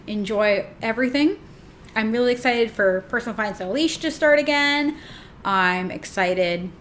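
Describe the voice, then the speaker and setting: A woman's voice: on the high side, fairly bright tone, slight background noise. A woman hosting a podcast for pet groomers, talking in a chatty, upbeat, informal way. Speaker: podcast host and pet-grooming business coach. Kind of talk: casual monologue.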